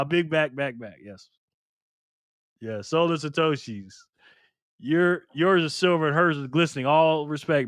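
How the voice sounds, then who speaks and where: A man's voice: a little high, a bit bright, clear, resonant tone, no room sound, studio quality. Joking, slangy male stream host. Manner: laughing, teasing, slangy banter. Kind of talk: casual chat reading live comments.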